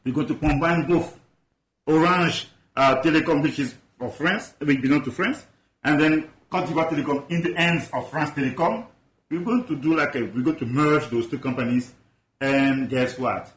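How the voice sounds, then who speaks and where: A man's voice: on the high side, moderate pace, fairly bright tone, echoey room. Passionate man from Ivory Coast. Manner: passionate, emphatic, rhetorical questions. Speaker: guest expert. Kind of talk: animated interview talk.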